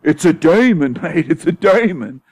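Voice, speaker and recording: A man puts on a scornful British bloke with a British accent, who drawls his insults slowly and loudly. The voice sits much higher than the speaker's own. It comes across with a dry, close sound. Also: expressive, breathy edge, no room sound. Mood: mocking. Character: scornful British man calling someone a demon.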